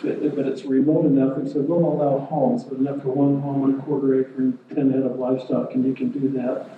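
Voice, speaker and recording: A man explains water rules at a public meeting, speaking in a plain, measured way and often restarting his sentences. His delivery stays flat and even. The recording is muffled and very roomy, taken from a distance. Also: mid-range voice, slight background noise.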